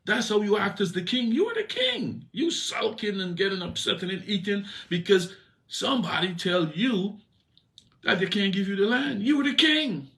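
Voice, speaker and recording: A man's voice: lively intonation, moderate pace, creaky, sharp tone, full character voice. A man voicing a domineering queen who scolds and mocks her sulking husband. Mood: scornful. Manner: shrill, mocking, bossy.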